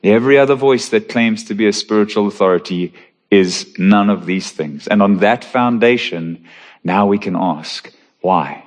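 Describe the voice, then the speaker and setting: Low-voiced man preaching an earnest sermon. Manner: earnest, emphatic preaching with slow stressed phrases. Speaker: pastor.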